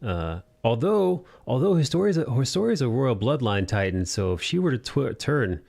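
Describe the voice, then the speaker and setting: A young man hosting a casual anime discussion podcast, recapping scenes animatedly and jumping into quick character voices. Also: medium pitch, sing-song, vocal fry, a little mellow. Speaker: podcast host.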